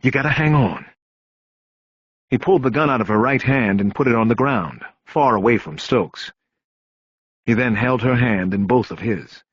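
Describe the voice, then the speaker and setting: A man's voice: mid-range voice, moderate pace, slightly rough, no echo. A man narrating a crime novel audiobook in a tense, dramatic storytelling manner. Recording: dull, dry audiobook recording.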